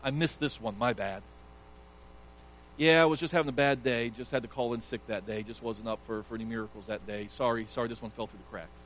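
A man's voice: medium pitch, brisk, fairly bright tone, a little hiss or hum, voice pushed down, close to an everyday voice, rough recording. A man preaching while playing a sheepish male friend who makes casual, offhand excuses. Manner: offhand, apologetic, mumbling.

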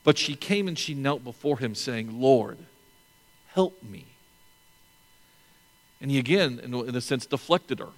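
A male pastor delivers a sermon in a relaxed, conversational manner, often restarting phrases and adding asides. His voice sits in an ordinary middle register. The sound carries a long reverb, as in a church sanctuary. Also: medium pitch, unhurried, pauses often.

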